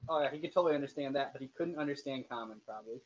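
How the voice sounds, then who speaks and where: A man's voice: medium pitch, racing, lo-fi sound, a little hiss or hum. Rambling, easygoing game master man. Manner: relaxed, rambling description with many fillers. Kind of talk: narrating a tabletop game. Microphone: voice chat over internet.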